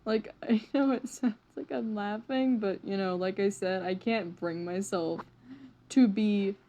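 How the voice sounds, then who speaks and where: A woman's voice: mid-range voice, sing-song, a little slow, a little mellow. A woman hosting a casual read-through of a manga with her own reactions. She sounds weary and deflated, rambles, swears a lot and often stumbles over words. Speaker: channel host reading a manga aloud.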